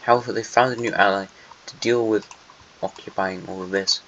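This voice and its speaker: A man's voice: on the low side, steady tone, fairly quick, vocal fry, fairly bright tone. A young man giving casual, playful commentary on a strategy game, chatting to and teasing the nations on the map. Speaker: channel host. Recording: muffled lo-fi home mic with faint noise.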